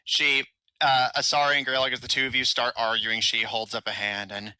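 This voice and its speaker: Bright, crisp-voiced male game master. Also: medium pitch, level tone, brisk, dry recording, low-quality recording. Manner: hesitant, filler-heavy narration. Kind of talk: narrating a tabletop game.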